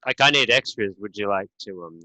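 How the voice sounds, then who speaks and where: A man on a game developer podcast who speaks in a laid-back, joking way. His voice is bright and forward, and it sounds dry and close to the mic. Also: lowish voice, a little fast, no room sound, poor audio. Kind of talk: casual podcast chat.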